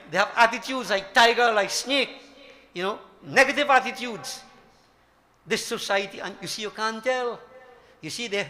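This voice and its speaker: An older Hindu spiritual teacher, his high-sitting voice bright and forceful, delivers an emphatic devotional sermon to his devotees, full of rhetorical questions.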